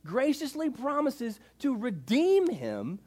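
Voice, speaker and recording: A man impersonating a gruff, cranky old male preacher who shouts at his audience in indignation. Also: very high voice, wildly swooping pitch, slow pace, voice pushed up, full character voice. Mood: booming.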